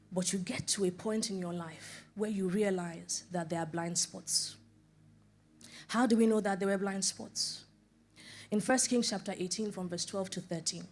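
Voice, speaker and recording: A woman's voice: medium pitch, a little mellow. A middle-aged woman preacher giving a sermon, acting out scripture quotes and dialogue, asking rhetorical questions over and over and laughing often between her points. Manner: rhetorical questions, repeated for emphasis. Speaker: preacher and life coach.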